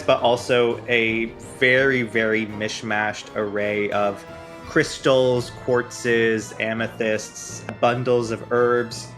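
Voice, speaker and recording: A man's voice: on the low side, fairly bright tone. A man playing a tabletop game, narrating his character's actions in a descriptive way and correcting himself as he goes. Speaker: player.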